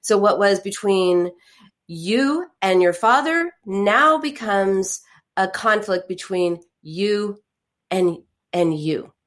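Casting: middle-aged woman, therapist, calm explainer, mid-pitched, tells stories to make a point. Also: slow pace. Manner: explains through stories, acts out quoted voices. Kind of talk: counseling conversation.

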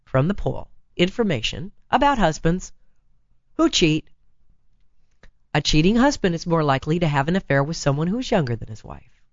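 Hoarse raspy woman radio host. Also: on the low side, dry recording, dull audio. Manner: chatty, blunt, teasing. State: hoarse from laryngitis. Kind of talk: talk radio advice monologue. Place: radio studio. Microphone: studio microphone.

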